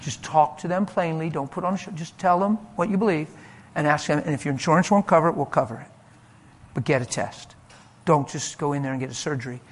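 A man preaching a sermon and telling a story from his ministry, animated and emphatic, moving between loud and soft delivery. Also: on the high side, a little fast. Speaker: pastor.

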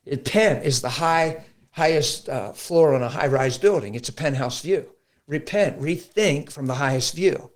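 Animated middle-aged male preacher. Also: a little high, measured pace. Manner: animated storytelling, acts out quotes. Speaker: pastor guest. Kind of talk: conversational preaching.

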